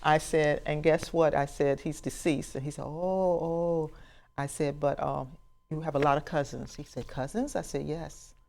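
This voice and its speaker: A woman's voice: low voice, moderate pace, creaky, a little hiss or hum. A woman in her sixties, a professional genealogist, telling a story to an audience and acting out the conversations in it. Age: 60s. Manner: animated storyteller who acts out dialogue and laughs.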